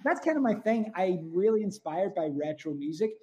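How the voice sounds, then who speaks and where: A man's voice: sits high, animated, moderate pace, a little mellow, muffled recording. A man with an Irish accent, a musician guest chatting casually in an interview, rambling with lots of "like" and "you know".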